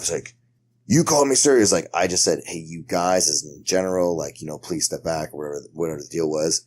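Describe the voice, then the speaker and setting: Male podcast co-host, very deep voice, animated casual storyteller. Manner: animated storyteller, acts out quotes. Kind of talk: casual chat.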